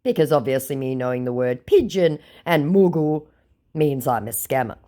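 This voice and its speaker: A woman's voice: very deep voice, lively intonation, moderate pace, mellow. A woman narrating a chat exchange aloud with a sarcastic, mocking manner.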